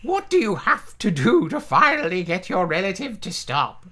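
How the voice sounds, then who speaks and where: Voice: medium pitch, wildly swooping pitch, moderate pace, few pauses, sharp tone. Host of a role-play let's play, theatrical, playful, melody all over the place. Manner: playful, theatrical, laughing often. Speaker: game player and channel host. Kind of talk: tabletop role-play game chat.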